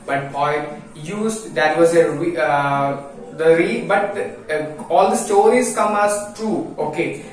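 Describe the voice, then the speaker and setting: A man with an Indian English accent explaining a school poem in a slow, halting way, full of fillers and restarts. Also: on the high side. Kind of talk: casual classroom explanation. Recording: very echoey room, voice from far off mic.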